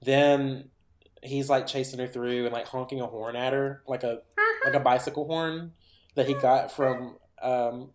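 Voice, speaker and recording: A man co-hosting a podcast, giving an animated, rambling retelling full of filler words in casual chat. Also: mid-range voice, unhurried, noisy background. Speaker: podcast co-host. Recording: roomy echo.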